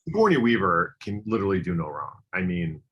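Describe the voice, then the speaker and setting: A man's voice: deep voice, very animated, brisk, breathy edge, lo-fi sound. A man co-hosting a podcast, chatting casually and enthusiastically, rambling with lots of fillers. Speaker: podcast co-host. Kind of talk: casual chat.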